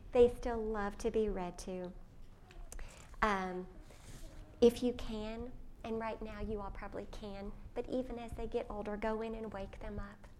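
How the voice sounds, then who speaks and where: A woman's voice: medium pitch, a little hiss or hum. Woman telling a family story. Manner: warm storytelling, animated when quoting her younger self. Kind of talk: personal talk to mothers.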